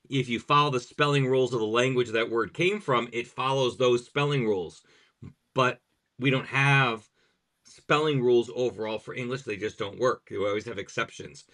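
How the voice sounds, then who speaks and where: A man's voice: mid-range voice, sharp tone. Man, podcast host, language teacher, explanatory, step-by-step examples, conversational.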